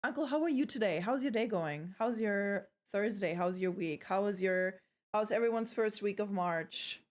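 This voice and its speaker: A woman's voice: medium pitch, normal speed. A young woman streaming live, chatting playfully with her viewers, joking and swearing as she goes. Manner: playful, chatty, swears freely, trails off and restarts.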